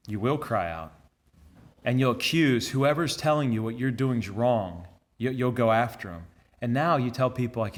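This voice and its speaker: A man's voice: medium pitch, lively intonation, normal speed. Earnest storytelling friar, a man. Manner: earnest storytelling, often repeats words and restarts. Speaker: friar giving a conference to laypeople. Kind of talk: conversational sermon.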